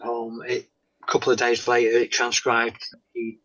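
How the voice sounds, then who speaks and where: A man, a guest telling his faith testimony in an interview, halting with many pauses and "um"s and often dropping to a soft tone. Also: mid-range voice, monotone. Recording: dull lo-fi sound.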